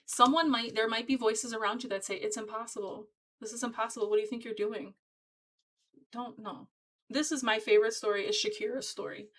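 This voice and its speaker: A woman's voice: a little high, fairly bright tone, rough recording. Chatty woman giving an encouraging tarot reading. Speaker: tarot reader. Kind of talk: casual tarot reading to camera.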